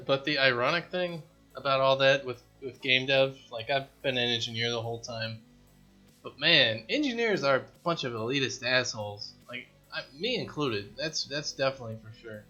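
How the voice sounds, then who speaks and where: A man with a bright, forceful voice talks casually through a dev vlog, rambling and poking fun at himself as he works on his game from a home basement. Faint music plays quietly underneath. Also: mid-range voice, expressive, normal speed, muffled recording. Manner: rambling, self-deprecating, joking. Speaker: indie game developer. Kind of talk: casual dev vlog talk while programming.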